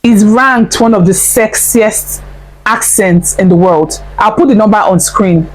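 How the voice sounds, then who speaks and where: A woman from Nigeria with a Nigerian accent, hosting a casual commentary vlog. She talks in an animated way, repeats phrases for emphasis and laughs often. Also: mid-range voice, measured pace, rough recording. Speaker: commentary channel host.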